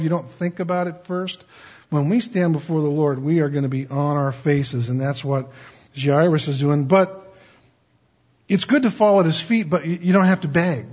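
A pastor preaching a conversational sermon in a folksy way, with frequent stammered restarts. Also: male voice, fairly high pitch, normal speed, darkish tone, breathy edge, lo-fi sound. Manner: folksy, stammering restarts, acts out quoted pleas.

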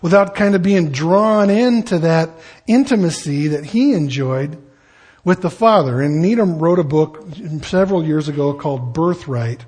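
A man's voice: a little high, moderate pace, darkish tone, husky. A man preaching an expository sermon in a conversational way, with asides and shifting emphasis. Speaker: pastor.

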